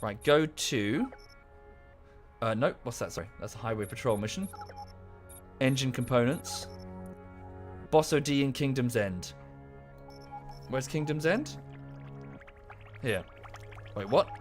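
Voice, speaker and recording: A man's voice: medium pitch, animated, slow pace, pauses often, soft background music. Rambling man in his thirties, ranting. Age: 30s. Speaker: game streamer. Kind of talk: casual live-stream chat. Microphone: close to the microphone.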